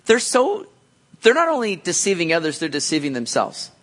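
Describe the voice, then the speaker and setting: Pastor guy preaching, kinda high voice, super animated, chatty asides all over. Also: moderate pace. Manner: animated, jumps into high voices to act out reactions; conversational preaching with frequent asides. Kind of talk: sermon.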